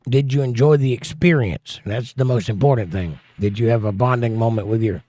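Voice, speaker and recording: A man's voice: medium pitch, brisk, dark tone, no echo. A man hosting a casual livestream, greeting viewers and reading their chat comments aloud in a folksy, chatty way. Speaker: host.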